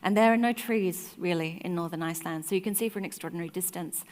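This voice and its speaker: A woman's voice: fairly low pitch, fast. Woman telling a story in a reverberant hall. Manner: animated anecdotes, laughs often, soft asides. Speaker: author and festival guest. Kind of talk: storytelling in a live conversation. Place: festival stage in a large hall.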